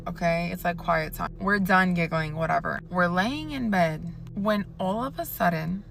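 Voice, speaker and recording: A woman's voice: on the low side, moderate pace, gravelly, hardly any pauses, fairly bright tone, a little hiss or hum. A woman in her twenties telling a storytime vlog in a chatty, profane way, talking straight to the viewer.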